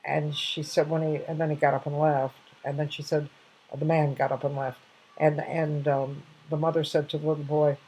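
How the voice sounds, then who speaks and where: A woman's voice: low-pitched, little pitch movement, moderate pace, dark tone, slightly rough, poor audio. An older woman casually sharing reflective anecdotes, rambling with many restarts and fillers.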